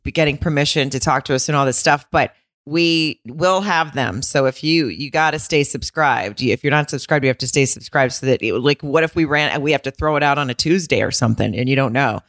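A woman's voice: rumbling low, a little fast, hardly any pauses, a bit bright, no echo, clean studio sound. A woman co-hosting a podcast in casual, chatty talk, joking and swearing now and then. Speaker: podcast co-host. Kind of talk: casual chat.

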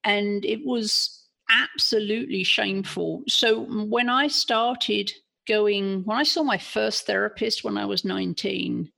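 An English-accented woman speaks with a gravelly, slightly husky voice. She tells her story as a podcast guest in a frank, earnest way, circling back and restarting as she thinks aloud. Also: mid-range voice, unhurried, bright, forceful tone. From England. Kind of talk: personal storytelling in an interview.

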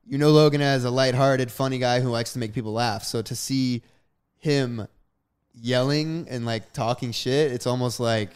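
A young man co-hosting a podcast, relaxed and casual, with lots of filler words. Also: medium pitch, moderate pace, clear, resonant tone. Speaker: podcast co-host.

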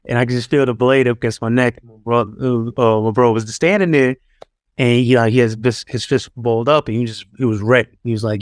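A man's voice: mid-range voice, steady tone, a little fast, dry recording, studio quality. A man, a former pro athlete, telling stories in a loose, casual interview style full of fillers and restarts. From New York. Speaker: guest, former pro basketball player.

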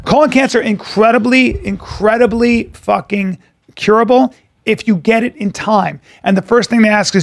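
A man's voice: sits high, steady tone, normal speed, vocal fry, dry recording. A man co-hosting a podcast, telling profane stories in casual chat and acting out the voices of the people in them. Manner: profane storyteller, acts out quoted voices. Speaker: podcast co-host.

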